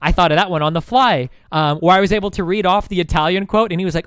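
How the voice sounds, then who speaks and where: A man's voice: sits high, fast talker, hardly any pauses, a bit bright, smooth, no echo, clean studio sound. A male streamer recapping a debate in casual, rambling talk, sarcastic and full of restarts.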